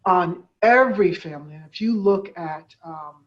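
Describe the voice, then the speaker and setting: A woman's voice: fairly low pitch, normal speed. A woman hosting a conversational interview, talking in a rambling way with many fillers and restarts. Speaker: host, nonprofit head. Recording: dull, lo-fi sound.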